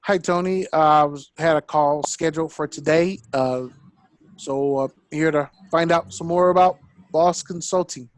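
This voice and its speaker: A man playing a hesitant male sales prospect in a sales call role-play, talking in a halting, low-key way full of fillers. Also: steady tone, no echo, close to an everyday voice. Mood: unsure.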